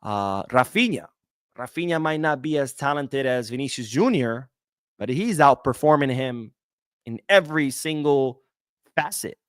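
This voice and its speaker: A man hosting a casual solo podcast, reading viewer comments and answering them in an animated, outspoken way, sometimes swearing. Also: medium pitch, a little slow, no room sound, studio quality. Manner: animated, talks back to viewers, swears when worked up. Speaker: podcast host. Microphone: webcam setup, talking to camera.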